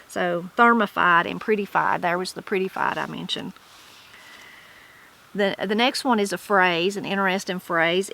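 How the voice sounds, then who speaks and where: A woman's voice: on the low side, moderate pace, vocal fry, sharp tone, low-quality recording. A woman with a Southern Appalachian accent reads dictionary entries aloud and then comments on them chattily as a channel host. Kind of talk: casual explanation of regional words.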